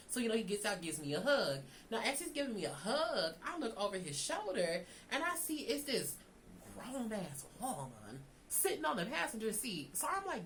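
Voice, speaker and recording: A woman's voice: fairly high pitch, sing-song, moderate pace, a little hiss or hum, rough recording. A young woman, chatting animatedly to viewers in a casual storytime. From Southern United States. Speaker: vlogger.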